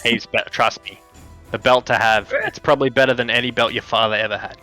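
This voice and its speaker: A man's voice: medium pitch, fairly even intonation, fast talker, bright, forceful tone, soft background music, low-quality recording. A man playing a tabletop game, talking in a breezy way and slipping into his character's voice. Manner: breezy, slips into a cheery bookie voice for his character. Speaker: player.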